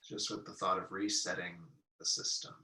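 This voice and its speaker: A man leading a guided healing-sound meditation, speaking calmly and softly and drawing out long chanted vowel tones. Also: low voice. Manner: calm, soft-spoken guidance with long chanted vowel tones. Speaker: meditation teacher. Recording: echoey room, mic at a distance.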